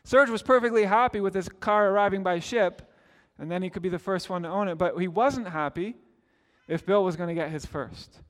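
A middle-aged male pastor preaches a sermon in a large hall, his high voice brisk and fairly bright. He tells stories conversationally, acting out the quotes.

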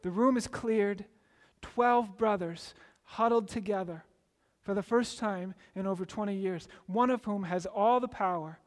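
Acting out each character, a high-voiced pastor makes his sermon's story vivid at a measured pace. The long reverb of a big hall hangs on everything he says.

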